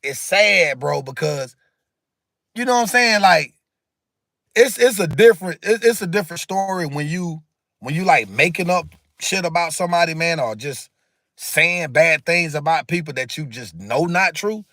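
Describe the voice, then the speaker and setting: A man's voice: a little high, animated, normal speed, bright, forceful tone, dry recording, studio quality. A man hosting a casual livestream, talking emphatically and repetitively in a preachy way while answering viewer comments. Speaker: livestream host.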